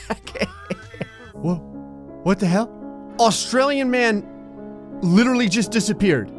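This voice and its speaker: A man giving comedic, sarcastic commentary while playing a life-sim game, swinging from shrieking excitement to a low menacing mutter. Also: unhurried, long pauses, over music. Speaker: gaming commentator. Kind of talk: comedic let's play commentary.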